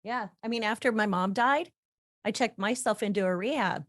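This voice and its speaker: A woman's voice: mid-range voice, normal speed, fairly bright tone, no room sound, studio quality. A woman hosting a podcast, speaking in an emphatic, affirming conversational manner. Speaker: podcast host. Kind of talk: casual conversational interview.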